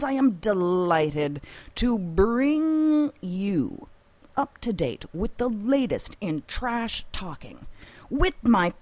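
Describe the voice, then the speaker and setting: A woman's voice: on the high side, a little mellow, dry recording. A woman hosting a community radio show, playful and theatrical, drawing out her words in a studio. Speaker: radio host.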